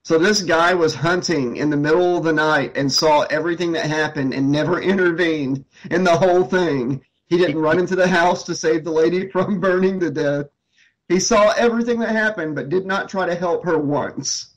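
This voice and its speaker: Higher-voiced guy riffing on a movie, jokey, laughs a lot. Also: moderate pace, poor audio. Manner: joking, laughing often. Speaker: co-host of a movie riff commentary.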